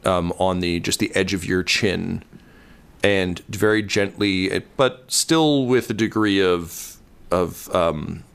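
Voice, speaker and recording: A man runs a tabletop game as its game master, his voice very low and smooth. He narrates a dreamlike scene slowly, pausing often with ums and uhs. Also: fairly bright tone. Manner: halting, many ums and uhs.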